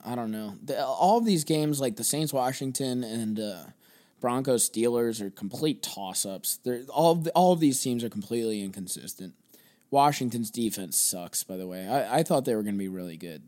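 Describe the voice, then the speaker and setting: A man's voice: mid-range voice, expressive, moderate pace, a little mellow. Casting: young guy, sports podcast host, rambling profane rants, mid-range voice. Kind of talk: solo sports podcast rant.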